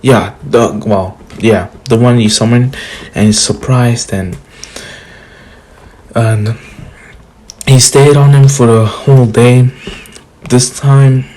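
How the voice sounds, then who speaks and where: A man's voice: mid-range voice, steady tone, slow pace, long pauses, a little mellow, a little hiss or hum. A young man casually retelling a fan story, rambling with restarts.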